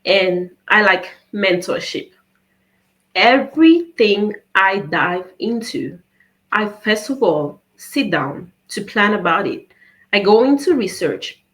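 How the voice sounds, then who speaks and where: A woman from Cameroon, likely in her thirties, telling her story earnestly as an interview guest. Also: medium pitch. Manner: earnest, storytelling with animated quoted dialogue.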